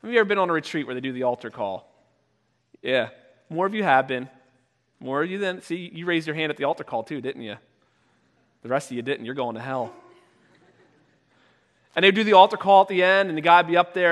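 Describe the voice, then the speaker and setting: A high-voiced man preaches a sermon a little fast, expressively, and with frequent pauses, his words echoing in a church's long reverb. He addresses the congregation conversationally and breaks into loud shouted voices for the stories he acts out.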